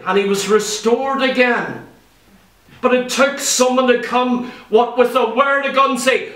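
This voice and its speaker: This sermon comes from a man whose voice is extremely high and a bit bright, delivered at a measured pace as he tells a Bible story and keeps repeating key phrases for emphasis. It was recorded far from the mic in a roomy church hall.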